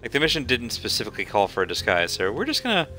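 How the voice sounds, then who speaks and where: A man's voice: mid-range voice, wildly swooping pitch, racing, sharp tone, soft background music. A man streaming a video game, chatting casually and joking at the characters as he plays. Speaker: gaming streamer. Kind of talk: casual let's-play commentary.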